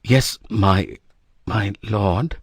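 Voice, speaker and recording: A man's voice: fairly low pitch, very slow, slightly rough, dry recording, full character voice. A man playing a stammering, jittery servant. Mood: startled. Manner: stammering and nervous. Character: timid, stuttering male servant of a god. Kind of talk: storybook acting.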